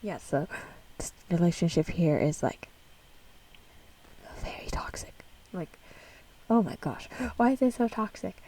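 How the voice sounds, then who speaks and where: A woman's voice: fairly low pitch, expressive, moderate pace, dark tone, recorded from a distance, poor audio. A young woman casually reacting to a music video, chatty and giggly, rambling with lots of fillers.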